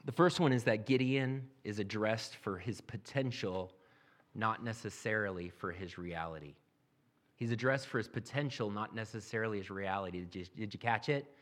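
A man's voice: fairly low pitch, normal speed. A man preaching a sermon, reading scripture aloud and then explaining it in a plain, conversational way. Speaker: pastor.

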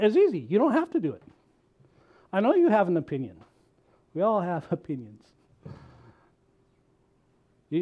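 A man's voice: sits high, muffled recording. A male pastor preaching a sermon in a conversational, joking way, laughing at himself now and then.

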